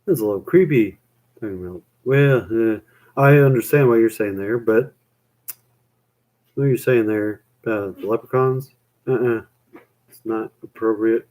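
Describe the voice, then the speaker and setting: A man's voice: on the low side, measured pace, long pauses, a little mellow. A young man chatting on a live stream, rambling with lots of fillers and casual swearing.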